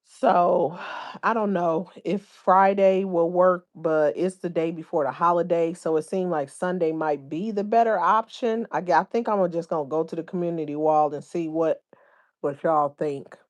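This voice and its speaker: A woman's voice: on the low side, fairly even intonation, moderate pace, darkish tone, muffled recording. A woman hosting a livestream, chatting casually and reading viewer comments aloud in informal slang. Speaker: livestream host.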